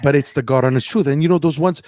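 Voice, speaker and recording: A man's voice: a little high, fast, a little mellow, no room sound. A man chatting casually on a podcast, joking with hesitant restarts and swearing. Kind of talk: casual chat.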